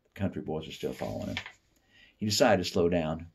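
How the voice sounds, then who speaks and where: A man from the Appalachian South giving a steady, unhurried literary reading of a short story. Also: extremely low pitch, creaky, slight background noise. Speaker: author reading fiction.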